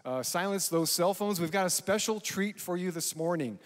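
Upbeat church announcer in a big hall. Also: male voice, high-pitched, normal speed. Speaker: church host making announcements. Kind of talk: announcements and introduction. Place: large church auditorium. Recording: long hall reverb.

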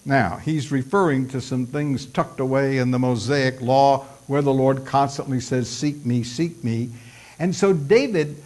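A man's voice: mid-range voice, a little slow, a little mellow. A male pastor preaching a sermon, acting out prayers in a raised voice, with folksy asides.

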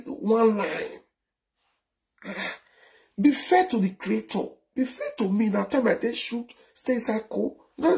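A Nigerian man in his forties hosting a casual live stream, talking in an animated way and firing off repeated rhetorical questions. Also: high voice, creaky. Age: 40s. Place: indoors abroad, cold.

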